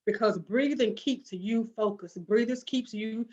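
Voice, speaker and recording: A woman's voice: a little high, a little slow, darkish tone. A woman guest speaking in a casual podcast chat, preaching in a rhythmic, repetitive cadence with many restarts. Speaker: guest author and blogger. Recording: dull lo-fi sound.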